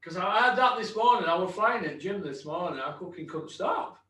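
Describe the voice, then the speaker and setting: A man's voice: high voice, expressive, brisk, sharp tone, echoey room, recorded from a distance. A man hosting a casual podcast, talking bluntly, swearing freely and ribbing his co-host with mock aggression.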